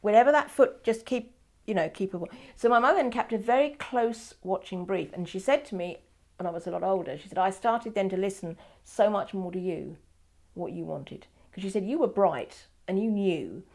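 A woman's voice: mid-range voice, normal speed, gravelly, few pauses, a little mellow. An older woman telling her life story in an oral history interview, wry and digressive, often correcting herself mid-sentence.

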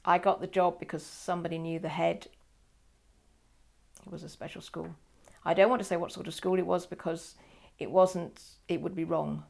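Gravelly-voiced woman telling a story. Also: on the low side, normal speed. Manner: animated, acts out quoted dialogue. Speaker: interviewee. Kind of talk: personal storytelling.

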